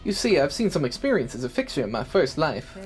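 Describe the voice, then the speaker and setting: A gruff, chain-smoking fighter woman with a bossy, distrustful bark, as a streamer puts her on. She is read out in a mid-pitched voice over steady background music while a video game is played. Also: quick pace, lightly acted. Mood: brusque. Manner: blunt, suspicious, bossy.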